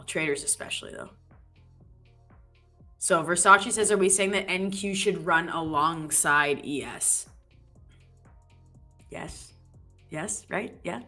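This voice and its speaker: A woman's voice: deep voice, a bit bright. A woman co-hosting a live trading stream in a playful, chatty way, jumping between topics. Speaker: live trading show co-host. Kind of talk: casual live-stream chat.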